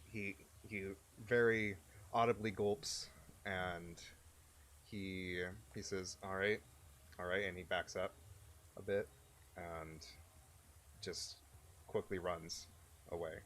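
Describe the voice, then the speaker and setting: A man's voice: sits low, fairly even intonation, very slow, long pauses, a bit bright. A man narrating a tabletop game as game master, hesitant and full of fillers.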